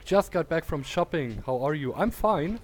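A man's voice: fairly high pitch, normal speed. A man, chatting casually while streaming a game and greeting viewers, often laughing. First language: German. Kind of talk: casual gameplay commentary.

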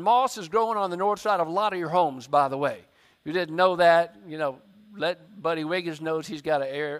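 A man's voice: fairly high pitch, fairly bright tone. A man preaching a sermon in church, telling a story and acting out his own inner voice.

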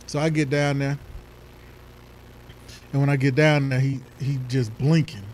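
Guy cohosting a chat show, tells stories big and animated, bit of faint background noise. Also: medium pitch, a little slow, low-quality recording. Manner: animated storyteller, acts out voices of others. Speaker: podcast co-host; youth football coach. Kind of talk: casual chat.

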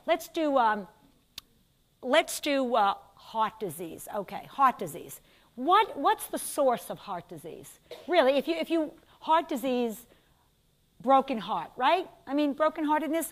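An older woman with a New York accent lectures a class. Her voice sits high, and she talks in quick, chatty asides. She keeps turning to her students with questions. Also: fairly bright tone. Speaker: instructor.

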